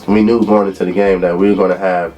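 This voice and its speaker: 30s guy from LA, ex football player, lowish voice, laid back storyteller. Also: fast talker, soft background music. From Los Angeles. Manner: relaxed storyteller who acts out quotes. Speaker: former college football player. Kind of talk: interview reminiscing.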